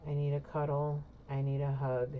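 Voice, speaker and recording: A woman voicing a gentle, nurturing woman who reassures and comforts her partner. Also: extremely low pitch, level tone, normal speed, narrow, tinny audio, slight background noise. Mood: soothing. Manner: soothing, reassuring.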